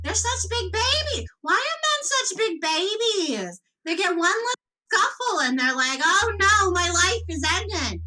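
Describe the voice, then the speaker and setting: Woman playing a burly flirty bruiser, mischievous, bright tone, slow delivery, tabletop game. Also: sing-song, full character voice, rough recording. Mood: mocking. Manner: teasing, drops low and purring when threatening.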